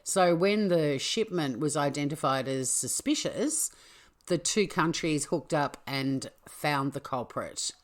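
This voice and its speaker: A woman's voice: low-pitched, animated, slow. A woman with an Australian accent hosting a podcast, telling stories in a chatty, jokey way with asides. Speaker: podcast host. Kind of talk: casual podcast storytelling.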